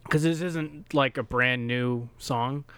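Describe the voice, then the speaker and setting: Podcast co-host, male, smooth clear voice, dry close sound, jokey casual delivery. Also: medium pitch, takes it slowly, bright, forceful tone, dry recording. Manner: joking, chuckles at his own bits. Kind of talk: casual chat.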